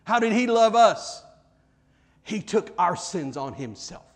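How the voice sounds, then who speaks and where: A male pastor delivering a sermon in a fairly high voice. He swings between lively, joking bits where he acts out other people and quiet, earnest stretches when making his main point. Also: slow pace. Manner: animated, acts out quoted voices, jokes with congregation; drops to soft, earnest tones for serious points.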